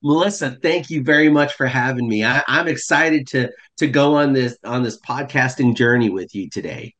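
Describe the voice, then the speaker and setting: A man's voice: medium pitch, moderate pace, fairly bright tone. A man from Texas, a guest on a podcast, talking in an easygoing way. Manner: easygoing, with fillers and restarts. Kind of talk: casual podcast chat.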